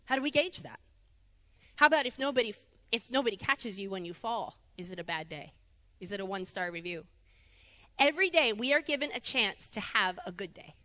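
A woman giving a conversational sermon in a church, animated and chatty, laughing easily. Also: mid-range voice, brisk, in a large hall. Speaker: preacher. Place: church sanctuary.

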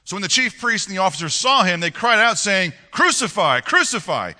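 A man preaching a sermon as pastor, reading scripture aloud and explaining it with animated rhetorical questions to the congregation. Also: sits high, fast talker, long reverb tail.

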